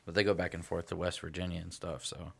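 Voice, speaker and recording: A man's voice: deep voice, little pitch movement, fast talker, vocal fry, slightly rough. A man with a Southern accent telling family anecdotes in a casual podcast chat, with many "like" fillers.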